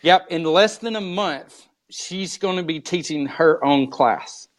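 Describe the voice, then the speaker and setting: A man who is a lead pastor, guest in a live video interview, telling church stories slowly and deliberately. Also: on the high side. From United States. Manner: slow, drawn-out storytelling.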